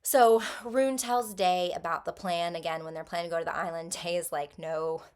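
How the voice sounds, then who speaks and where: A woman summarizing a novel's plot for her viewers in a loose, conversational way. Her voice sits a little low, and she fills her sentences with ums and likes as she goes. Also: steady tone, brisk. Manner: chatty, many ums and likes. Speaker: book vlogger. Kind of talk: casual book recap.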